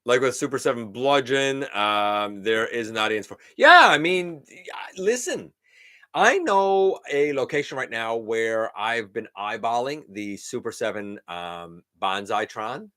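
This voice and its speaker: Unhurried and expressive, this middle-aged host of a live toy-collecting show has a mid-range voice with a sharp tone. He chats casually and calls out viewers by name.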